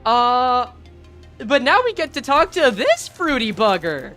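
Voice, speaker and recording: A woman streamer giving casual, animated game commentary, reading lines aloud and swearing now and then. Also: on the high side, slow, faint music behind.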